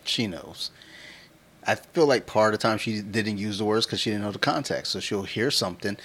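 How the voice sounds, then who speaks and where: A man's voice: fairly low pitch, normal speed, a bit bright, husky. A man in his thirties co-hosting a podcast, telling loose, profane stories in casual chat and laughing often. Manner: laughs often while talking. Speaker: podcast co-host.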